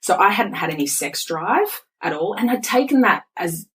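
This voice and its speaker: A woman in her forties, a podcast guest speaking frankly and telling stories in an animated way. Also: medium pitch, normal speed, low-quality recording. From Australia. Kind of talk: candid podcast conversation.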